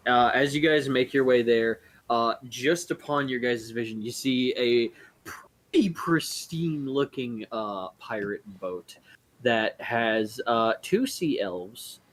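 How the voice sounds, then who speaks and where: A man's voice: medium pitch, slow, fairly bright tone. A man narrating as game master of a tabletop game, loose and full of fillers.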